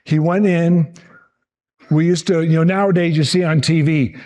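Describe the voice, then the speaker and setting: A man in his sixties, a TV meteorologist telling lively stories from his career to an audience. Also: a little high, moderate pace. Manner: lively anecdotal, acts out quotes, frequent restarts. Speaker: TV meteorologist giving a talk. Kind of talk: storytelling presentation to an audience.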